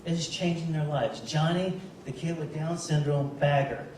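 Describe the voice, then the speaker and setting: Man, keynote speaker, storytelling, somewhat high voice, very echoey hall, distant mic. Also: steady tone, moderate pace, noisy background. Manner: storytelling, addresses audience directly. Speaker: motivational speaker. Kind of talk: keynote speech. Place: large event hall.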